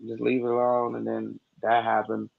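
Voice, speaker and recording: A man calling in to a live chat, telling a story in a low-key, halting way. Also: monotone, vocal fry. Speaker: caller. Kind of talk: casual storytelling. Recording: dull lo-fi call audio.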